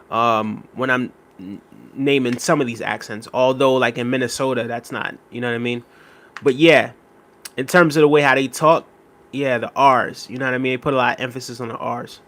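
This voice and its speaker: A young man running a live stream speaks briskly at a medium pitch, his tone somewhat bright. He reads through viewer comments and replies in a rambling, casual way, full of fillers and reactions to the chat.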